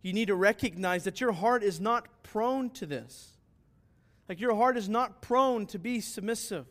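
A man's voice: high voice, animated, a little slow, fairly bright tone. A man pastor preaching a sermon, earnest and emphatic, often asking rhetorical questions and answering them.

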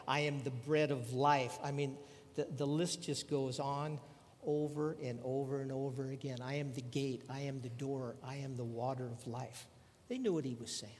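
A man's voice: mid-range voice, darkish tone, big-room sound, a little hiss or hum. An older man preaching a sermon in a conversational way, asking his listeners rhetorical questions. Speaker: pastor.

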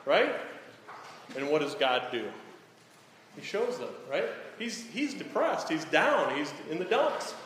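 Male preacher, slightly high voice, echoey church hall, faint hiss. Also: big pitch swings, measured pace, a bit bright. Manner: frequent "right?" tag questions to the congregation. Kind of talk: sermon. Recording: echoey hall, some background noise.

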